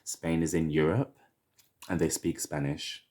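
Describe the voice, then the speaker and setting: A man in his thirties with a London accent, chatting casually to camera as a hair vlogger, chatty and opinionated with drawn-out asides. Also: very deep voice, fairly even intonation, noisy background. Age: 30s.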